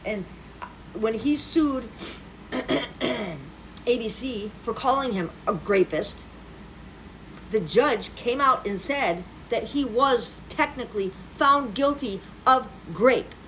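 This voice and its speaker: A woman with a somewhat high voice rants, sarcastic and profane, about politics. Her voice comes through a dull, lo-fi recording. A faint hum sits underneath it. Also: slow, pauses often. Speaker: political commentator. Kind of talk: angry political rant.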